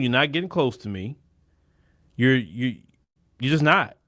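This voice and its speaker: A man's voice: mid-range voice, lively intonation, unhurried, pushed and bright. A man hosting a show of casual political commentary, blunt and opinionated, often restarting his sentences. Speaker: host.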